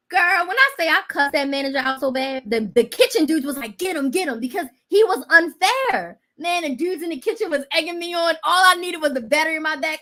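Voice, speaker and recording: Animated, high-voiced woman telling a story. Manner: animated, dramatic retelling with shifts between loud and quiet. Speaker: host. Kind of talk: casual storytelling chat.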